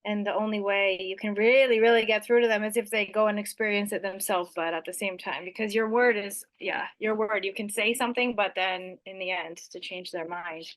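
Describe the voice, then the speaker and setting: A woman guest in a casual podcast chat, speaking in an easygoing, agreeable way. Her voice sits at an ordinary middle pitch. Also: fairly even intonation, a little fast, hardly any pauses, poor audio.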